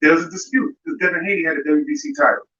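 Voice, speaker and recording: Fired-up man ranting, bright and roomy. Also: on the high side, big pitch swings, racing. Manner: confrontational, talks straight at the fighter. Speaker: boxing commentary host. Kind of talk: live commentary rant. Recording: roomy, distant, dull sound with music behind.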